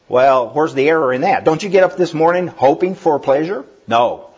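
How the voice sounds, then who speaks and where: Animated husky-voiced man preaching. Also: a little high, moderate pace. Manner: animated, laughing asides, acts out voices. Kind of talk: sermon. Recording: dull lo-fi recording.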